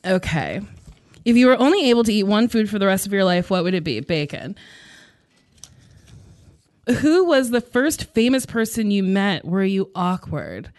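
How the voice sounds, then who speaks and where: A woman comedian answering rapid-fire questions, frank and animated, with playful asides. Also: medium pitch, no room sound. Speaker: stand-up comedian.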